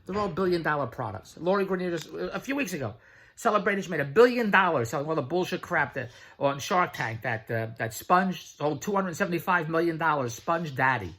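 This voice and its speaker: A middle-aged man giving a blunt, pushy sales pitch straight to the camera, repeating his slogans and swearing freely. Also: expressive, a little fast, a bit bright. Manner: blunt, pushy, repetitive hard sell with profanity. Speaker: online business promoter.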